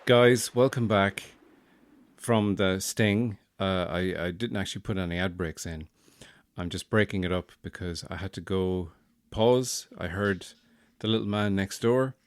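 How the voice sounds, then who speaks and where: A man's voice: low-pitched, unhurried, clear, resonant tone, no room sound. A man hosting a podcast as a new father, talking in a dry, self-deprecating and joking way in a casual monologue. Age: young adult or middle-aged new father. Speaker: podcast host.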